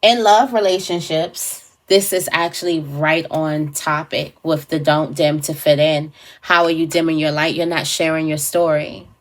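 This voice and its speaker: Casual female tarot reader with a lower voice, musing aloud in a loose, rambling way. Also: fairly even intonation, a little slow, few pauses. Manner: meandering, thinks aloud with fillers and restarts. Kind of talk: casual spiritual reading to camera.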